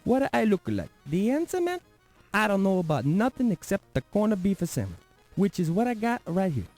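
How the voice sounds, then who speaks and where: A man's voice: high-pitched, huge pitch swings, normal speed, a little mellow, faint music behind. An actor playing a pushy, grumpy male street sandwich vendor with a thick Italian accent and broken grammar, in 1990s adventure game voice acting. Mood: dismissive. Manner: pushy hawking sales patter.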